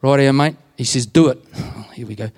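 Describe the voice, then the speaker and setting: A man's voice: mid-range voice, fairly even intonation, brisk. A man, a deacon, earnestly telling stories in an interview and acting out the dialogue. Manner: earnest, plain-spoken, acts out quoted dialogue. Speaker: deacon and prison minister. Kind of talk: storytelling in an interview.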